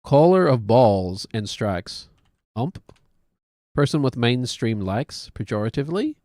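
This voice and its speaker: Casual New Zealand streamer in his thirties, unhurried delivery, dry close mic, chatty self-mocking humor. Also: medium pitch, big pitch swings, a little mellow, dry recording. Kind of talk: casual game commentary.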